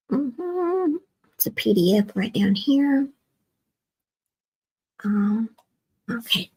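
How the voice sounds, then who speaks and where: Husky woman muttering at her screen. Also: mid-range voice, poor audio. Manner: mutters to herself, often drops to a near whisper. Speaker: livestream host. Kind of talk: casual livestream talk while working the screen.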